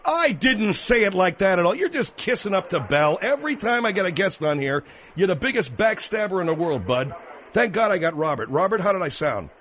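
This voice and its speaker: High, lively talk radio host. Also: male voice, a little fast, a little hiss or hum. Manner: needling, calmly provoking. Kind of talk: comedic radio talk show.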